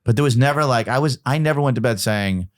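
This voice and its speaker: A man's voice: medium pitch, quick pace, no room sound, clean studio sound. A middle-aged man, a podcast guest, talking casually and emphatically, often repeating himself and restarting sentences.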